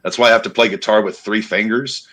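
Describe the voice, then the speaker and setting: Low-voiced man in his thirties, rambling. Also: fairly even intonation, quick pace, a bit bright, rough recording. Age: 30s. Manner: rambling, self-deprecating, swears. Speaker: podcast co-host. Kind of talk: casual chat.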